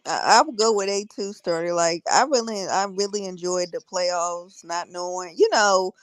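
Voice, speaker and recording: A woman on a sports podcast panel, sharing opinions in an enthusiastic, halting way. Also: fairly low pitch, no room sound, rough recording. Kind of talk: casual sports talk.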